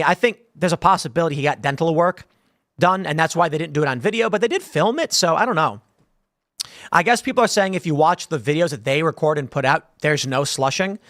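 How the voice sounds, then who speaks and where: A man delivers combative news commentary in a fairly high voice, his pitch swinging widely as he mocks critics. The sound is dry and close, with no room around it. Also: dry recording. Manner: animated, combative, sarcastic asides to critics.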